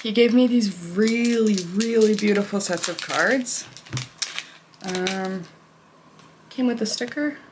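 A woman's voice: takes it slowly, long pauses, background noise. Gushing young woman vlogger. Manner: gushing, filler-heavy, reads card captions aloud; high baby talk to her pet. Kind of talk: casual vlog chat.

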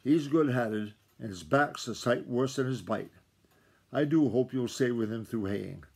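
A man's voice: mid-range voice, measured pace, creaky, darkish tone, breathy edge. A man reading aloud as a hearty, kindly country woman who speaks in folksy dialect.

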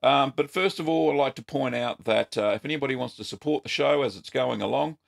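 Gravelly Australian man hosting a live stream. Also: mid-range voice, a little fast. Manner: relaxed and chatty, frequent ums and uhs. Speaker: host.

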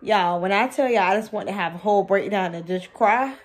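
A woman's voice: medium pitch, brisk. Chatty woman vlogging at home. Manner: animated storytelling, addresses viewers as y'all. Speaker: vlogger, mother of two. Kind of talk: casual vlog chat to viewers.

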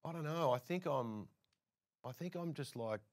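This Australian man's voice is fairly high-pitched, at a moderate pace. A presenter appearing as a guest, he tells casual anecdotes and animatedly acts out other people's lines.

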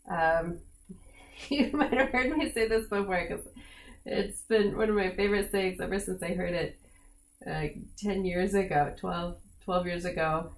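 A woman in her studio giving a live oil painting demonstration, talking in a relaxed, chatty way with many fillers. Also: on the low side. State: slightly cracky voice. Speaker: painting instructor.

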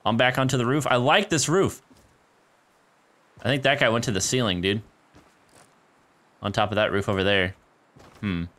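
At a normal speed with long pauses, a man with a mid-range, slightly bright voice offers casual live commentary on a shooter game. He laughs a lot and calls his viewers "dude" and "guys," speaking into a home desk mic close to his keyboard.

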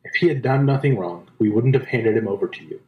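A man reading the lines of hostile temple leaders in a low, blunt voice during a church Passion reading. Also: lively intonation, fast, muffled recording, lightly acted. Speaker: scripture reader. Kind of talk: dramatic scripture reading. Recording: roomy church from a distance.

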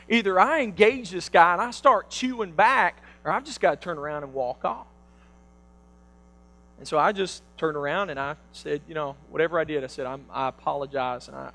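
A man preaching a sermon, telling a personal story with animated swings between loud bursts and hushed quotes. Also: a little high, poor audio.

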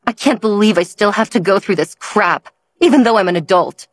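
A woman's voice: mid-range voice, brisk, voice pushed up, natural voice. A woman reading the lines of a bullying middle-aged father who snaps harshly. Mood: angry. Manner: harsh, snapping.

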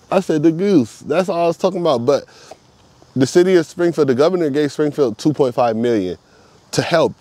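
Dude vlogging, swears nonstop, says stuff twice for emphasis, normal pitch. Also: male voice, a little mellow, no echo. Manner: profane, emphatic, repeats himself. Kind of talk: casual monologue.

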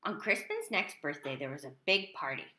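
A woman reading a children's picture book aloud in an animated, expressive way. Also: deep voice, normal speed, background noise. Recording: echoey room.

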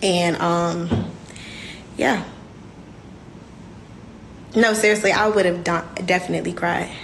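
A woman's voice: lowish voice, fairly even intonation, takes it slowly, creaky, a little hiss or hum. A young woman, hosting a casual livestream and speaking candidly and emotionally to her viewers. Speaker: livestream host.

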